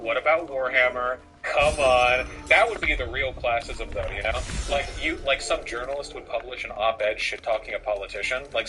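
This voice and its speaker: A man's voice: medium pitch, poor audio. A man giving casual reaction commentary on a video, sarcastic and profane, rambling with lots of fillers. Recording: music playing underneath.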